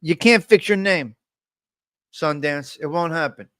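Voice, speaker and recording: A man hosts a loose, joking live stream at his desk mic, his slightly high voice smooth and a bit bright, moving at a measured pace. He keeps greeting viewers by name, and the sound stays close and dry without room echo.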